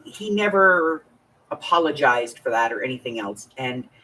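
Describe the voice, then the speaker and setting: A woman in her fifties chats slowly and confidingly as she crafts, her husky voice swinging widely in pitch. She sounds a little distant from the mic. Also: lively intonation, sharp tone. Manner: chatty and confiding, greets viewers by name. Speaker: crafting live-stream host. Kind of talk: casual chat while crafting. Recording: voice a bit far from the mic.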